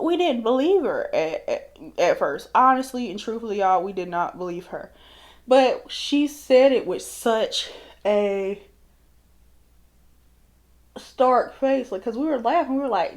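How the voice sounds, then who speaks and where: Woman, 30s, vlogger, storytime, makeup, animated, laughing, chatty. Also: on the high side, unhurried. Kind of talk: storytime while doing makeup.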